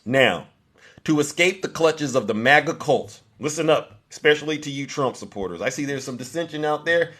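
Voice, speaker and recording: A man's voice: on the high side, expressive, normal speed, a bit bright. A man hosting a live stream of political commentary. He reads a prepared text in a mock-solemn tone and breaks it up with sarcastic, teasing asides to his viewers.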